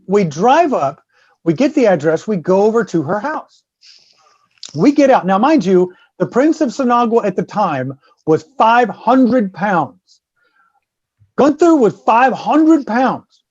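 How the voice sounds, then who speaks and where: A man's voice: high-pitched, expressive, takes it slowly, darkish tone, no room sound. Guy telling a wild story on a podcast, swears a lot, does the voices, kinda muffled lo-fi mic. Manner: profane, swearing freely; acts out the people in his stories. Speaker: guest host.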